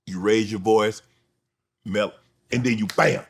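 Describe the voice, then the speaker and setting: A man's voice: fairly low pitch, steady tone, measured pace, a little hiss or hum. Man interviewing, saying "right" often. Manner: frequent "right" backchannels, probing questions. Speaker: interview host. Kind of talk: casual interview.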